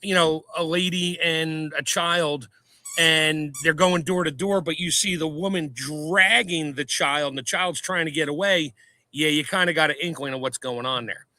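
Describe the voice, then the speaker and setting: Bright-voiced man spinning podcast scenarios. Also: on the high side, moderate pace. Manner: lively storyteller, acts out scenarios with quoted voices. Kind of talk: casual podcast discussion.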